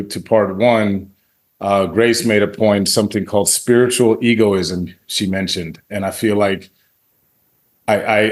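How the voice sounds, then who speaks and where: A man co-hosting a podcast, weighing his opinion thoughtfully with many restarts and pauses. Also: on the low side. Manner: thoughtful, halting with restarts and fillers. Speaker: podcast co-host. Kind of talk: casual discussion.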